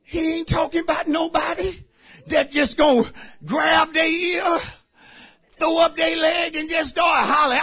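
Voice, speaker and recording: A pastor preaching a sermon in a church, shouting lines for the congregation to repeat and then dropping into quiet asides. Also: male voice, very high voice, steady tone, measured pace. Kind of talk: shouted call-and-response sermon. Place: church sanctuary.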